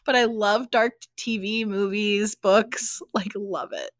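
A woman co-hosting a podcast in casual chat, enthusiastic and quick to laugh. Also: mid-range voice, steady tone, no room sound, clean studio sound. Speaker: podcast co-host. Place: podcast studio.

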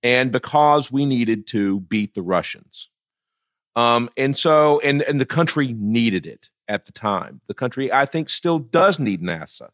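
A man's voice: mid-range voice, lively intonation, measured pace, fairly bright tone, no echo, clean studio sound. A middle-aged man talking politics casually, blunt and profane, often laughing as he tells stories. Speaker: political commentator.

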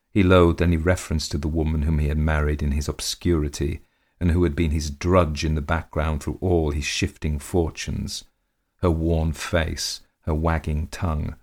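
A man reading a period story aloud in measured, dramatic scripted narration. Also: a bass voice, a little mellow.

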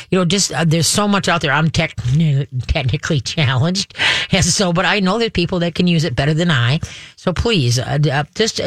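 A man's voice: on the high side, no room sound, studio quality. A middle-aged man from Minnesota, hosting a radio show about dogs in a folksy, rambling, casual way. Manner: chatty, folksy, rambling with restarts.

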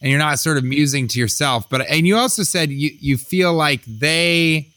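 A man hosting a comedy podcast, chatting quickly and enthusiastically and laughing along. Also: on the high side, pushed and bright, no room sound. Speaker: podcast host. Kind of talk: casual comedic chat.

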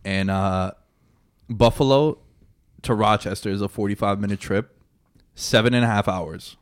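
Low-voiced New man telling stories. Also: clean tone. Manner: slow, drawn-out storytelling with restarts. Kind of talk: casual chat.

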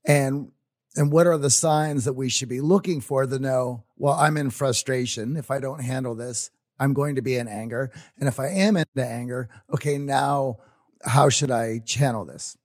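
A man's voice: mid-range voice, moderate pace, no room sound, clean studio sound. A man hosting a podcast who asks thoughtful, probing questions. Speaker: podcast host. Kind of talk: podcast interview.

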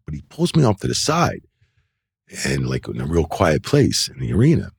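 Speaking at normal speed in an extremely low, creaky, husky voice, a middle-aged wrestling referee spins loose anecdotes during a casual interview on an indoor set. He animates them by acting out quoted voices and leans on "you know" and "like." The sound is dry and clean, studio-made.

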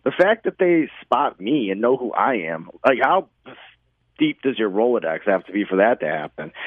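A man's voice: medium pitch, no room sound. Chatty man on tinny phone-like audio. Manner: rambling storyteller, many likes and you-knows. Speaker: podcast guest, show host. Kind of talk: casual interview chat.

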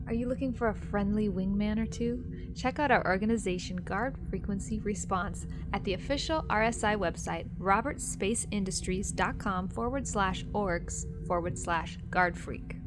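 A woman's voice: medium pitch, normal speed, hardly any pauses, music in the background. Woman, podcast co-host, promo reads, playful. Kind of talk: reading promos and credits.

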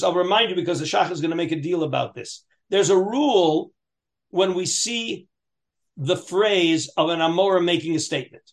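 This Talmud teacher's voice sits high and sounds a bit bright. He intones Aramaic passages in a lilting chant before explaining them, frequently starting over and quizzing his students.

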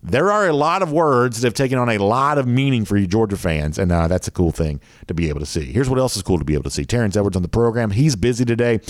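A Southern man with a fairly low voice hosts a sports show in loose, chatty fashion. He rambles and pads his talk with fillers. The sound is dry and close. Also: lively intonation, fast talker, hardly any pauses, no echo. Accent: Southern American.

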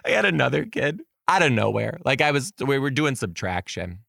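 A young man hosting a podcast, telling funny classroom stories with an animated, jokey delivery and frequent laughs. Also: fairly quick, creaky, no echo, studio quality. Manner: animated, jokey, laughs often, squeals into high voices for quotes. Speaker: podcast host and kindergarten teacher. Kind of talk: comedic storytelling.

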